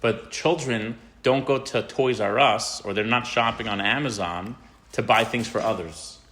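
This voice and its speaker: A rabbi giving an informal, animated talk to teenagers. He tells a story and often asks the audience questions. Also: medium pitch, unhurried, slight background noise. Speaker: rabbi teaching teens.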